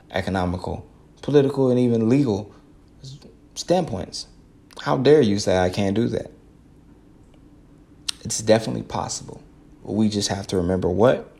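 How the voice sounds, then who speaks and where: Gravelly, earnest man, podcast monologue. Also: low voice, darkish tone. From United States. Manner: earnest, preachy, repeats phrases for emphasis. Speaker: podcast host. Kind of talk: casual solo podcast monologue.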